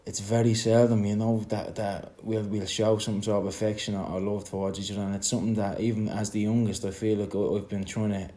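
An Irish man speaking reflectively in a conversation, halting and repeating words as he searches for them. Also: lowish voice, level tone, dark tone. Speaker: son in a conversation.

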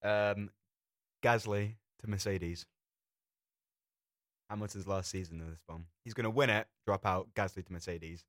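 A man's voice: lowish voice, steady tone, unhurried, long pauses, a bit bright, dry recording, clean studio sound. A young man co-hosting a podcast, chatting casually with a wry, teasing manner. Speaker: podcast co-host. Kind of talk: casual chat.

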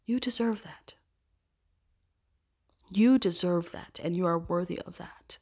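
A woman with a stuffed-up cold, hosting a podcast, speaking an earnest evening prayer and then chatting casually, repeating phrases and sometimes dropping to soft whispers. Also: fairly low pitch, takes it slowly, husky. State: congested from a cold. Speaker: podcast host.

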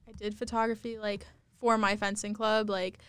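A woman's voice: medium pitch, little pitch movement, normal speed, a bit bright, clean tone, dry recording. A young woman guest in a casual podcast interview, telling stories chattily with constant fillers, in a campus studio. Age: young adult.

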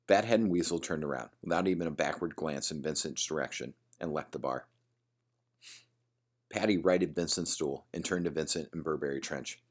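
A man reads a gritty bar-room story aloud in a steady, even way. His voice sits extremely low, a deep bass. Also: normal speed. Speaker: narrator. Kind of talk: audiobook narration.

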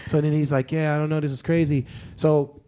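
A young man telling a long story in casual podcast chat, animated and laughing often, acting out what people said. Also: on the high side, fairly quick. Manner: animated, laughing, acts out quoted lines. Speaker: podcast co-host.

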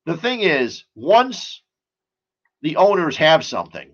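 A man's voice: fairly high pitch, sing-song, slow, dull audio. A man hosting a casual sports and beer talk show, rambling and chatty, full of asides and stories.

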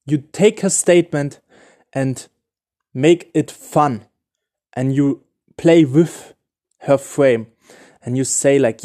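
A man's voice: on the high side, a little slow, warm tone. A man who is not a native English speaker, hosting a solo podcast and giving dating advice in a loose, explanatory way, often restarting and searching for words. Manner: loose, explanatory, full of "like" and "okay?". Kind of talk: casual solo podcast talk.

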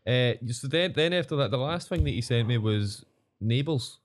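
A man's voice: medium pitch, lively intonation, normal speed. A Scottish man co-hosting a podcast, chatting casually with dry, brief reactions. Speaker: podcast co-host. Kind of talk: casual chat.

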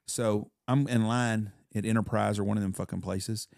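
A man's voice: on the low side, steady tone, gravelly, darkish tone, no room sound, studio quality. A man hosting a podcast, telling brash, profane stories in casual chat. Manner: brash, profane, fast storytelling. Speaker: podcast host.

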